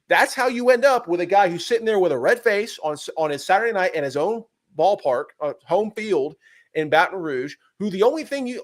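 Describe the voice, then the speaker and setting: A young man with a drawl rants through a sports podcast, fired up and mocking as he builds his case. His voice sits high for a man and keeps climbing as he gets going. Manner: fired-up, ranting, mocking impressions. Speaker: podcast co-host. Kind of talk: heated sports podcast rant.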